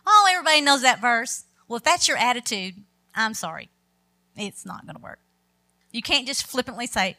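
A woman's voice: fairly high pitch, expressive, moderate pace, pushed and bright. A middle-aged woman preaching a sermon, emphatic and quoting scripture with rising force.

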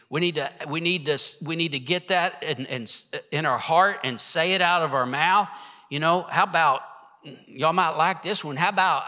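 A man's voice: a little high, normal speed, pushed and bright, in a large hall. A pastor in his sixties preaching an emphatic sermon and leading the congregation in reciting verses. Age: 60s. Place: church hall with congregation.

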